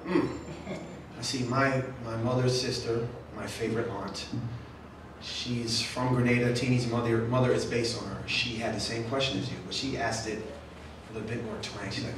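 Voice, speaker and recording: A man's voice: mid-range voice, moderate pace, noisy background. Man, author talking to a young audience, jokey and chatty, heard from far off in a very echoey room. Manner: chatty, jokey, acts out quoted voices. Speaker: author speaking to young readers. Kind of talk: casual talk with audience Q&A. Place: event room at a literary center.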